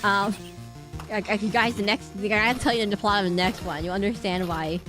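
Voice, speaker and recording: A woman's voice: medium pitch, fairly even intonation, fairly quick, music in the background. A woman streamer chatting casually and rambling while she plays a game. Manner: rambling, chatty, lots of fillers and restarts.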